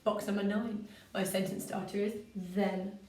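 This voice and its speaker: A woman, a primary school teacher, giving a story-writing lesson for children in a clear, patient way, with lively expressive reading. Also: medium pitch, measured pace, a little hiss or hum. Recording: roomy, from a distance.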